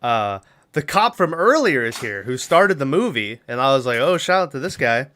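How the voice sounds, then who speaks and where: A man's voice: medium pitch, very animated, normal speed, fairly bright tone. A man co-hosting a podcast, casually recapping a film's plot in a rambling way, laughing often and acting out lines. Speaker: podcast co-host.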